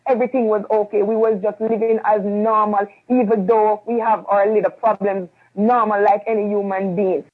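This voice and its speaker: A woman giving a halting, earnest personal account of her marriage, heard as a played clip. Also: mid-range voice, little pitch movement. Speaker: interviewee in a viral video clip. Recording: tinny phone-like audio clip.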